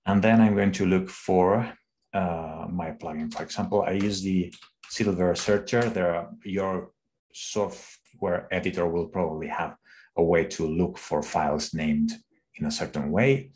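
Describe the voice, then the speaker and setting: A man, an engineer, walking through a live coding demo on a call, thinking aloud in an unhurried way with restarts. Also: sits low, fairly even intonation, darkish tone. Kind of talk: screen-share coding walkthrough.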